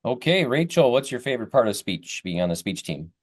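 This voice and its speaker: A man's voice: medium pitch, big pitch swings, a little fast. A man hosting a local interview in a folksy way, with many fillers. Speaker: radio host. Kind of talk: interviewing students.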